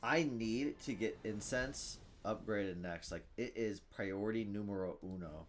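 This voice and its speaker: A man giving live commentary on his own game, thinking out loud, reading card text aloud and bursting into loud cheers. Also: lowish voice, measured pace, a little hiss or hum. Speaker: gameplay streamer.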